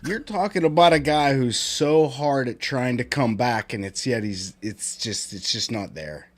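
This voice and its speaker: A man's voice: medium pitch, a little slow. A man co-hosting a live stream who laughs often, swears, and reads out chat comments. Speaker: co-host.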